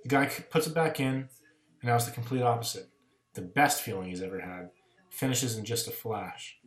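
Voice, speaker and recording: A man co-hosting a podcast, telling a crude joke at a steady, deliberate pace to sign off. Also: mid-range voice, echoey room. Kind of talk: casual chat, telling a joke.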